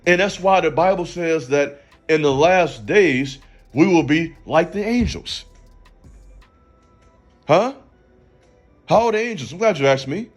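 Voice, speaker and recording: Male host, higher-pitched voice, preachy and emphatic, addressing the listener directly over faint background music. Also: lively intonation, a little slow, pauses often. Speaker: channel host. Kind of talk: motivational faith talk.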